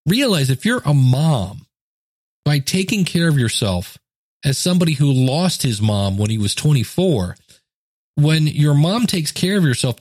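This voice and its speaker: A man's voice: medium pitch, darkish tone, dry recording, studio quality. A middle-aged man hosting a solo podcast, reading a story aloud and adding earnest, chatty asides. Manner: earnest, conversational, with fillers and emphatic asides. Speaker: podcast host. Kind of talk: casual solo podcast talk, reading and commenting.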